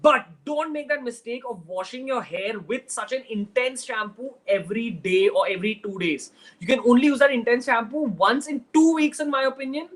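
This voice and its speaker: A man's voice: extremely high pitch, moderate pace, a bit bright, low-quality recording. A young man from Mumbai with a Mumbai Indian English accent, hosting a casual livestream Q&A in a chatty, direct way and slipping into Hindi phrases. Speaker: host.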